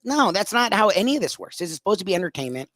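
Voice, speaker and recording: A male radio co-host with a fairly high voice who argues his point in an animated, casual way. The sound is close and dry, as in a studio. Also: racing, no room sound. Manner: animated, opinionated.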